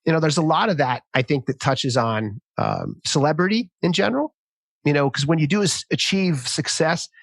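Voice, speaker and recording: Animated man in his fifties hosting. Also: a little high, normal speed, creaky, no room sound. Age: 50s. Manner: animated, acts out quotes in a raised voice. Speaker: podcast host. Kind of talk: casual interview chat.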